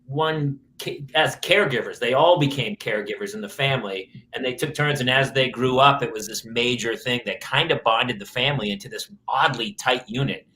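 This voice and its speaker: A man's voice: mid-range voice, a little fast, hardly any pauses, a little hiss or hum, poor audio. A man co-hosting a talk show, chatting and joking about parenting over a video call. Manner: expressive, jokey. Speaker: co-host. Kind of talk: casual chat about parenting.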